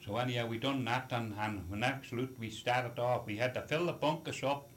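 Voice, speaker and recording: A man's voice: mid-range voice, a little fast, slight background noise. An older man, a retired sailor telling a long seafaring story in an oral history interview, rambling with many restarts and "you see" asides.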